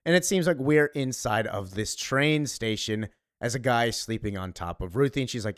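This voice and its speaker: A man's voice: lowish voice, lively intonation, normal speed, no room sound, studio quality. A man giving chatty, loose commentary on a comic he reads along, with fillers and asides. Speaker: comic book reviewer.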